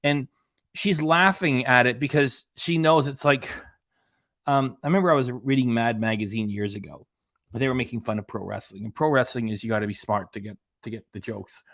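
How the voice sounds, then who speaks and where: A man's voice: mid-range voice, fairly quick, fairly bright tone, no echo, studio quality. A man hosting a reaction channel, giving sarcastic, rambling casual commentary.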